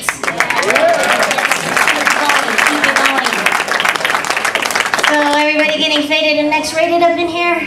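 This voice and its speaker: Bawdy stand-up comic, woman, high squeaky voice, recorded from afar in an echoey club with a laughing crowd. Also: fairly even intonation, takes it slowly, far from the mic, very noisy. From Philippines. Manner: bawdy, playful, crowd-teasing. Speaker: stand-up comedian. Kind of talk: stand-up comedy set. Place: comedy club stage, large room.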